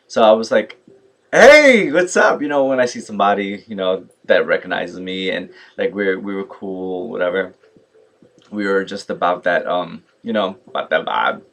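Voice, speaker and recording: Young man, low-pitched voice, casual vlog storyteller, animated and chatty. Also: moderate pace, gravelly. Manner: animated, mimics others in quotes, many fillers like "like" and "yo". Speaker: vlogger.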